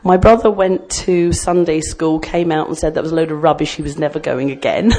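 A middle-aged woman from Australia speaks to a small church group in a relaxed, rambling way, poking fun at herself as she tells her story. Her voice sits a little low for a woman. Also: a little fast. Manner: chatty, self-deprecating, rambling storyteller. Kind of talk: personal testimony to a group.

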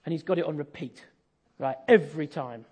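A man's voice: on the high side, a little fast, darkish tone, husky. An English man preaching a sermon, telling a family story in a conversational way with self-deprecating humour.

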